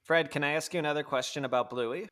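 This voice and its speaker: A man's voice: a little high, fast, fairly bright tone. Playful man hosting a podcast. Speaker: podcast host. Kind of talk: casual podcast chat.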